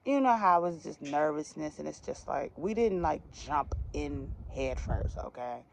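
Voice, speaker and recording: A woman's voice: sits low, animated, normal speed, gravelly, a little mellow, slight background noise. A young woman from the DMV area telling a personal storytime to her viewers in a chatty, slangy way with laughing asides. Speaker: vlogger. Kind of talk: casual storytime.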